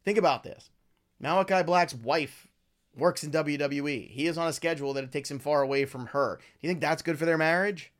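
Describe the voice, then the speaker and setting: A man hosting his own talk show, giving opinionated, rambling commentary with lively swings in pitch and loudness. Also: brisk. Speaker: podcast host. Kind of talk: casual wrestling commentary.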